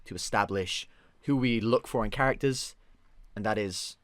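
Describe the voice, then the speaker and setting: A young man in his twenties hosts a relaxed film chat, joking and bantering with quick restarts. His voice sits fairly low, and it comes across dry and close with little room sound. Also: no room sound. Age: 20s. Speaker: host. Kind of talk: casual chat about films.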